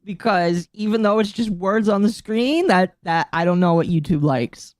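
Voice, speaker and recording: A woman's voice: mid-range voice, moderate pace, darkish tone, dry recording. A woman streams from home and chats loosely to her viewers, giggling as she rambles. Her throat keeps catching with coughs. The sound is close and dry. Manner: giggly, rambling, talks to chat. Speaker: streamer reacting to a video. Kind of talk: casual live-stream chat.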